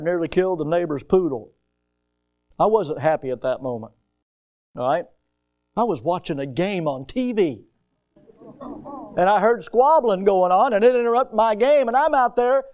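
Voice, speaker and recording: A man preaching a sermon, telling stories with sudden loud rises and often repeating his words as he starts a thought. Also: a little high, normal speed, pauses often.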